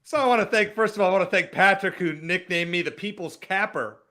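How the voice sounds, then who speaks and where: Male betting analyst: bright, fairly high voice, upbeat, stat-heavy picks. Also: fast talker.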